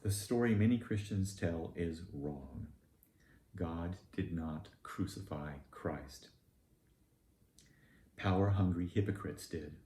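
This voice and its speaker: A low-pitched man with a Southern US accent preaches a sermon, deliberate and pointed in his emphasis. His voice is dark and mellow. The recording sounds roomy and echoey, with a faint hum behind it.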